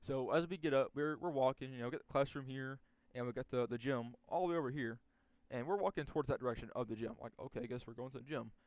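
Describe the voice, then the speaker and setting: Young male storyteller, laid-back and rambling, crude language, mid pitch, dry recording. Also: quick pace, hardly any pauses, a little mellow, no room sound. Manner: rambling, profane, many restarts and fillers. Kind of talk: casual storytelling.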